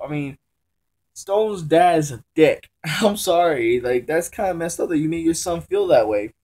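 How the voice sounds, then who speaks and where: A young man chats casually about a comic he is reviewing, filming at home in the middle of a move. His voice sits a bit high but has a mellow, soft edge. He rambles, restarts sentences and corrects himself in easy slang. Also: expressive, normal speed. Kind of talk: casual chat. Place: room at home during a move.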